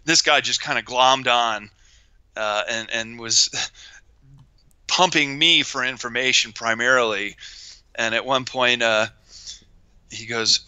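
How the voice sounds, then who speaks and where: Gregarious male guest telling stories, very bright and crisp voice, dry close sound. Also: medium pitch, takes it slowly, pauses often, dry recording, low-quality recording. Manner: gregarious, animated, acts out quoted voices. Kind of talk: casual storytelling chat.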